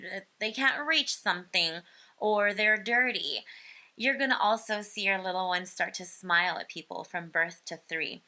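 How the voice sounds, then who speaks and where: A woman's voice: mid-range voice, sharp tone. A woman giving an informal parenting lesson on baby speech, explaining in an easygoing way with frequent ums. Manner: explains slowly, many ums, imitates baby sounds. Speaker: speech-language educator.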